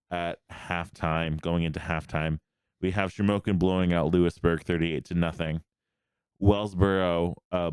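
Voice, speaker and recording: A man hosting a casual sports podcast, quickly rattling off game scores in a rambling way. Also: low-pitched, a little mellow, clean tone, no room sound, clean studio sound. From Pennsylvania. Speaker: host.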